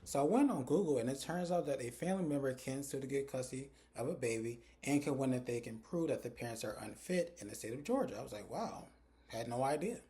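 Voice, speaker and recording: A chatty man retelling a TV episode scene by scene, slipping into the characters' lines as he goes. His voice sits at a middle pitch with a mellow, warm tone. He talks directly to his viewers in a relaxed, casual way. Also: fast talker. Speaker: TV recap reviewer.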